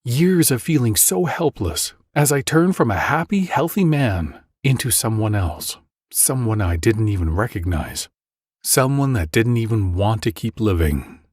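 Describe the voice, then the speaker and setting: A man's voice: on the low side, animated, unhurried, a little mellow, breathy edge, no echo, clean studio sound. A man in his forties telling a dramatic first-person story in a scripted ad narration. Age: 40s.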